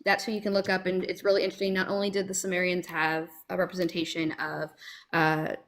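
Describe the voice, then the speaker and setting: Lowish woman, hesitant guest. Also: little pitch movement, quick pace, a bit bright. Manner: hesitant, many ums, earnest. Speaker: guest on a stream. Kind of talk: casual chat.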